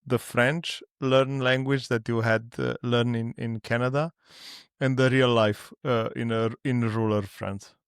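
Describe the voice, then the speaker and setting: Male interviewer with a gravelly voice, halting and filler-heavy, dry close recording. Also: mid-range voice, steady tone, no room sound. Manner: hesitant, many fillers and restarts. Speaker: podcast host. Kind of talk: interview questions.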